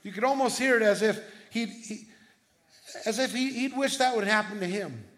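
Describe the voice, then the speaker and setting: A middle-aged man preaching a sermon as pastor, telling stories in a conversational way with quick restarts. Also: sits high, animated, fairly bright tone.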